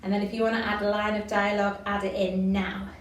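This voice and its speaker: A woman's voice: medium pitch, level tone, fast talker, slight background noise. Encouraging woman leading drama games, echoey. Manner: encouraging, counts down and praises. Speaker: drama workshop leader. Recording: echoey room from far off.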